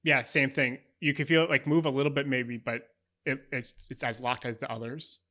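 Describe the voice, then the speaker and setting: Bright-voiced man running a tabletop game. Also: mid-range voice, flat delivery, fairly quick. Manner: descriptive, with many fillers. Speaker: game master.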